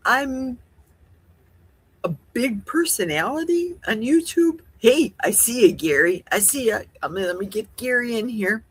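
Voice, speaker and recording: A woman hosting a casual live Q&A stream, chatting in a rambling, animated way. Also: a little high, unhurried, slightly rough, no echo. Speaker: livestream host. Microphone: livestream setup.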